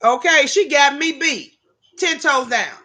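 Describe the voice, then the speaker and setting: A woman with a high, expressive voice and a sharp tone takes her time as she hosts a livestream. She tells stories to her chat in a brash, profane way, calling her viewers "y'all."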